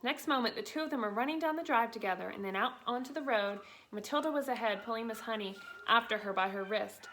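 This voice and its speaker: A woman reads a children's book aloud in a steady, clear storytelling voice. Her pitch sits a little high. She keeps an even, measured pace through the narration.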